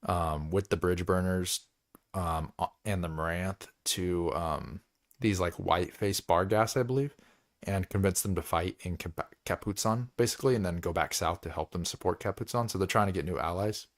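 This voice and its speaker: A man's voice: low voice, normal speed. A man hosting a book club, recapping chapters in a loose, rambling way, with lots of filler words and frequent laughs.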